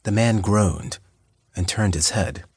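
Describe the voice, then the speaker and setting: Low, husky-voiced male audiobook narrator. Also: slow, darkish tone, no echo, clean studio sound. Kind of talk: scripted narration.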